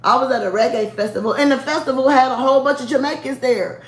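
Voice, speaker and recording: Candid, sassy woman vlogger, higher voice, echoey room. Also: fast talker, hardly any pauses. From United States. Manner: sassy, candid, laughs often. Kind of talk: casual chat to camera.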